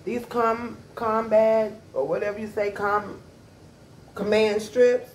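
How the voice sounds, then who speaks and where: Talking straight to her viewers in a casual vlog around her home and backyard, a woman speaks slowly in a level, medium-pitched voice. Recorded on a camera mic, it carries slight background noise and a distant, roomy echo.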